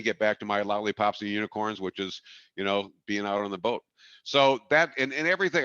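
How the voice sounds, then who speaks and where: Folksy middle-aged man, bright and emphatic. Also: on the low side, dry recording, dull audio. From Wisconsin. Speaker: marketing webinar presenter. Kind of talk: lively webinar talk.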